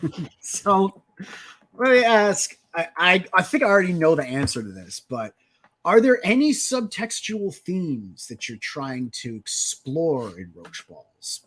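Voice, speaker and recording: A man co-hosting a casual livestream chat, animated and swearing, swinging between loud asides and mumbled trailing lines. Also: on the high side, unhurried, husky. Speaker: livestream co-host.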